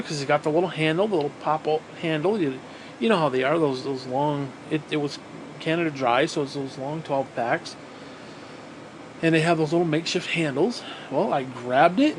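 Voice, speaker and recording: A man telling a story casually, animated, swearing often and repeating phrases for emphasis, sounding tired. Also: a little high, slight background noise, rough recording. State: physically exhausted.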